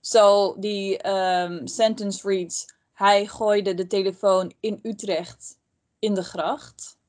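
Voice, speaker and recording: A woman's voice: medium pitch, fairly even intonation, slow pace, darkish tone. A woman helping teach a language lesson, reading slides aloud and translating them tentatively.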